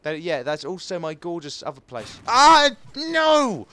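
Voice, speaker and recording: A man's voice: a little high, moderate pace. A man giving live gameplay commentary as a gaming video host, swinging between frustrated outbursts and muttered asides.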